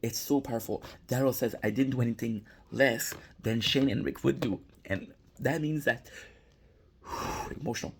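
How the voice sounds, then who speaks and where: A young man giving a casual, emotional recap of a TV episode, excitable and swearing, stumbling over his words and near tears. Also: mid-range voice, moderate pace, gravelly, a little hiss or hum. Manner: excitable, swears, repeats himself. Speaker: TV recap vlogger.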